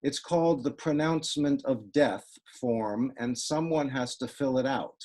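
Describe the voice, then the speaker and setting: Slow, dry-witted male poet reading. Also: mid-range voice, darkish tone. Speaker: poet reading his work. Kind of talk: poetry reading over video call. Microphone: video call.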